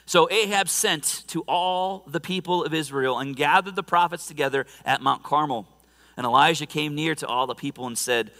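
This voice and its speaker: A man preaching a sermon as a pastor, telling the story in an animated, conversational way with laughter. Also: mid-range voice, long reverb tail. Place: church sanctuary.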